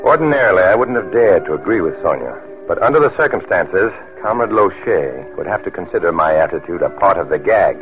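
An actor playing an undercover agent who narrates a 1950s radio drama in a brisk, earnest way. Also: male voice, low voice, animated, over music. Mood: narrating. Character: wry undercover male agent. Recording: dull lo-fi old radio recording.

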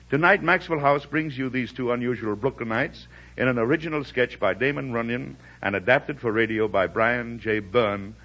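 A man's voice: mid-range voice, a bit bright, breathy edge. Formal 1940s radio announcer, man. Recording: lo-fi old radio broadcast.

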